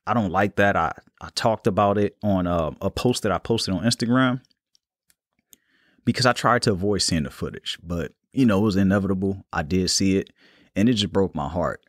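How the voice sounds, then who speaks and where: Calm, unhurried man podcasting. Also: sits low, no room sound, studio quality. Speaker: podcast host. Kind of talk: casual solo podcast talk.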